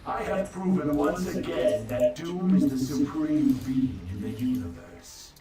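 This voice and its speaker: Grandiose armored villain monarch, slow and echoey game line. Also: male voice, fairly high pitch, lively intonation, warm tone, recorded from a distance. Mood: haughty. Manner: grandiose, speaks of himself in third person. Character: arrogant male armored supervillain monarch. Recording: echoey game audio under music.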